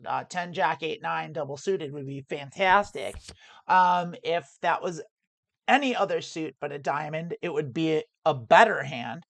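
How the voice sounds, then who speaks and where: This is live poker commentary from a woman who reasons through each hand out loud, often restarting what she says. Her deep, creaky voice moves at normal speed in a dry recording.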